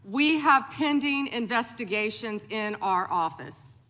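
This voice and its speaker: Brisk, emphatic woman testifying at a hearing. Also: on the high side, lively intonation, pushed and bright, in a large hall. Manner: brisk, emphatic, defensive answers. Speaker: attorney general testifying. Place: congressional hearing room.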